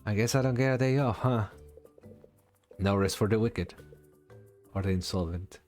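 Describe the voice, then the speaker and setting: A male streamer chatting casually over a game, playful and quick to react. His voice sits on the low side. Soft music runs in the background. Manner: playful, reacts and laughs while reading game text aloud. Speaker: VTuber streamer.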